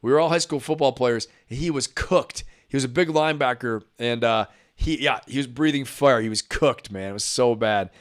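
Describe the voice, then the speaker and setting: A man's voice: mid-range voice, lively intonation, normal speed. Chatty man laughing through a live reaction stream. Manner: chatty, laughs often, talks to chat viewers. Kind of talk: casual reaction commentary.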